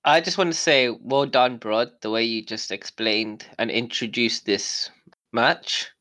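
A man's voice: mid-range voice, unhurried, sharp tone. A man co-hosting a wrestling chat, giving his opinions and repeating phrases for emphasis. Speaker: podcast co-host. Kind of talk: casual chat.

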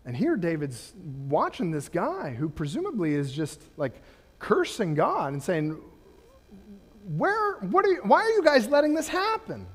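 A middle-aged man preaching a sermon as pastor, animated and rising to impassioned rhetorical questions. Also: high voice, measured pace. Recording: long hall reverb.

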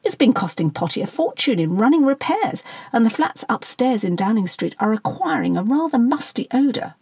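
A woman's voice: fairly high pitch, big pitch swings, moderate pace, a little mellow, husky, no echo, pitched above the performer's own voice, exaggerated voice. A woman reading the part of a worried, self-important middle-aged male politician, moaning and gossipy.

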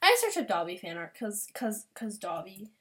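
A young woman giving a casual, gushing reaction commentary, gasping, repeating herself and dropping into soft whispers. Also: mid-range voice, very animated, normal speed, a little hiss or hum. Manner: rambling with repeated words. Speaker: vlogger browsing fan art.

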